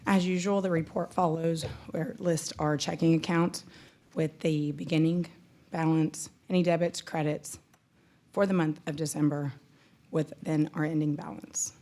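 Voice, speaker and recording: Brief: woman, very low pitch, treasurer presenting finances step by step. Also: steady tone, moderate pace, mellow. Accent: Texan. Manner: methodical, walks through report sections with small self-corrections. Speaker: county treasurer. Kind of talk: presenting a financial report at a public meeting.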